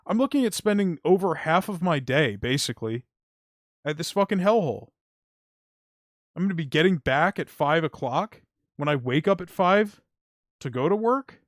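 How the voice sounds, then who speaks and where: A man's voice: fairly high pitch, no room sound, studio quality. A young man streaming, venting heatedly about his delivery job with frequent swearing. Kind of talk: casual stream rant. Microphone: streaming mic.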